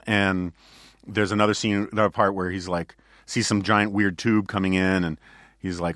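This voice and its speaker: A man with a fairly low voice hosts a podcast in loose, casual chat. He rambles through anecdotes with plenty of fillers and restarts. The sound is dry and close, with no room echo. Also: fairly even intonation, brisk, a bit bright. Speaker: podcast host.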